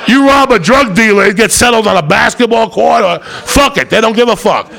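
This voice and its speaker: A man doing stand-up, telling a loud, profane, rambunctious story. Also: sits high, brisk, gravelly, hardly any pauses. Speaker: stand-up comedian.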